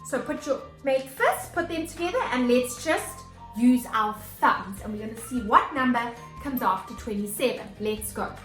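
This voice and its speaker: A woman teacher, leading a children's morning lesson in an animated way, with gasps and exclamations. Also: fairly high pitch, normal speed, reverberant, soft background music.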